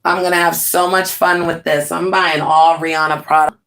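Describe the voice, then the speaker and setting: A woman in her forties hosting a casual livestream from home, chatty and animated, often laughing and talking straight to her viewers. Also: deep voice, moderate pace. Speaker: livestream host.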